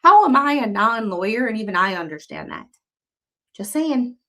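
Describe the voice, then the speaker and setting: A woman hosting casual commentary on a court filing. She is blunt and sarcastic, swears freely, and her pitch jumps sharply when she is exasperated. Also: animated, moderate pace, bright, forceful tone, a little hiss or hum. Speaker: commentary channel host.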